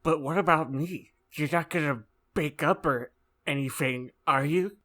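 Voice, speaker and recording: A man's voice: medium pitch, takes it slowly, a bit bright, voice pushed up. A man voicing a lovesick, emotional teenage boy with an overwrought, pleading delivery, reading aloud from a story.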